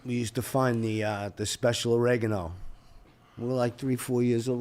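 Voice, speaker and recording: Guest, male, relaxed, adds short remarks to a friend's tale. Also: mid-range voice, moderate pace, slight background noise. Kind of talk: casual chat.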